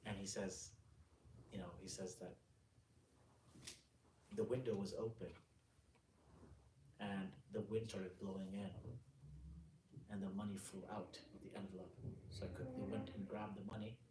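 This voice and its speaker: A man, an Islamic scholar, giving a religious lecture to a gathering. He tells stories casually, then slows down and speaks with emphasis when he explains sayings. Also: lowish voice, noisy background. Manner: casual, conversational storytelling with frequent "you know" and restarts. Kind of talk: religious lecture with a storytelling anecdote. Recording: roomy, distant mic with faint ambience.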